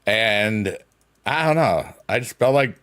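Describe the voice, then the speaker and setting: A man's voice: lowish voice, animated, takes it slowly, a bit bright, clear, resonant tone. A young man chatting casually on a live stream while gaming, rambling and playful with silly sing-song noises.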